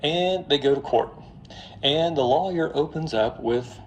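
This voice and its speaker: A man lecturing on finance in a classroom, telling a story in a lively, joking way straight to his students. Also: a little high, a little slow, a little hiss or hum. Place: classroom before a live audience.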